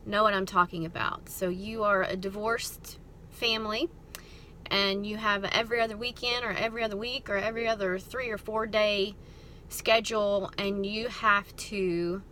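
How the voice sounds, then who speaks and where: A middle-aged woman, hosting a ministry talk and telling a story in a chatty, expressive way. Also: medium pitch, slight background noise. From American South. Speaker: ministry host. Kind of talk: casual storytelling talk to camera.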